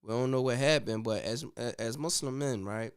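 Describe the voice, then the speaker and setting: A man hosting a casual commentary show, talking in an animated, slangy way with frequent "you know what I'm saying.". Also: mid-range voice, moderate pace, smooth. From United States. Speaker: host.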